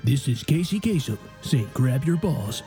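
A man putting on the smooth voice of a male countdown radio host to read a mock commercial. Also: medium pitch, very animated, unhurried, over loud music. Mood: announcer-smooth.

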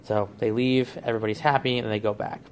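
A man in a casual podcast chat, walking through his plot pitch with eager momentum. His voice sits in an ordinary middle register, with a faint hiss behind it. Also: flat delivery, quick pace. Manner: enthusiastic storyteller, pitching plot ideas. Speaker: podcast host.

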